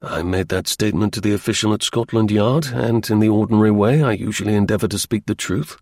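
A man reading the part of a blunt, restless young gentleman, in a clipped upper-class manner. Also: fairly low pitch, fast, no echo, studio quality.

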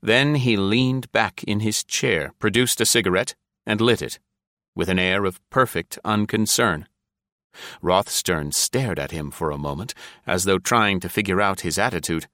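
A man narrating an adventure story in a measured, even storytelling manner. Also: sits low, no room sound, studio quality. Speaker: audiobook narrator. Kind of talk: scripted narration.

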